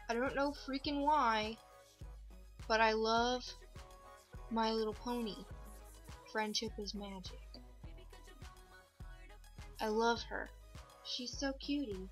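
Bright-voiced young woman rambling in a vlog. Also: fairly high pitch. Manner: rambling, goofy and profane, with lots of fillers. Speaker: vlogger. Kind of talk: casual show-and-tell vlog.

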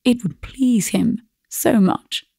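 A woman voicing a gentle, fussy middle-aged aunt in a storybook reading, speaking brightly. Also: fairly high pitch, slow, creaky, husky, dry recording, studio quality, pitched above the performer's own voice, exaggerated voice. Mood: coaxing.

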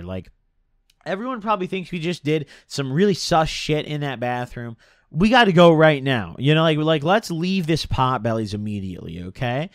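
A young man streamer telling a story in a rambling, slangy, animated storytime style. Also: on the high side, a little fast, no echo, studio quality. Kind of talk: casual storytime.

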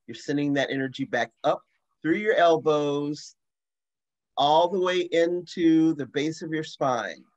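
A man's voice: on the high side, dull audio. Man guiding a grounding meditation. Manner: slow, soothing guidance with bursts of excitement. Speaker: facilitator.

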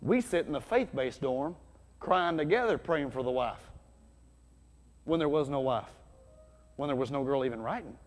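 A man preaching a sermon as pastor, conversational and energetic, with sudden loud bursts. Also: mid-range voice, moderate pace, pauses often, soft background music. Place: church hall. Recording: long hall reverb.

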